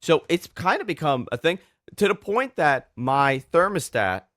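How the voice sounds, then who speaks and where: A man's voice: on the high side, big pitch swings, unhurried, a bit bright, no room sound, studio quality. A middle-aged man co-hosting a casual tech podcast, chatty and stumbling through restarts. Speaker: podcast co-host.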